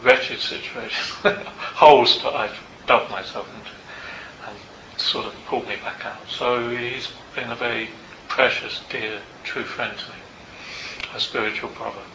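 An older man, a meditation teacher, tells a personal story to a group in a Buddhist centre, in a reflective and unhurried way with small asides. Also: mid-range voice, steady tone, fairly bright tone, a little hiss or hum. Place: Buddhist centre meeting room. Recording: roomy, slightly dull hall recording.

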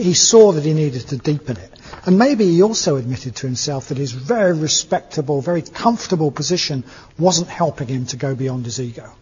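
A man's voice: fairly high pitch, a little mellow, breathy edge. A man giving a Buddhist dharma talk, telling a story in a conversational, hesitant way with many filler sounds. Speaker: Buddhist teacher. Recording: echoey hall, dull lo-fi sound.

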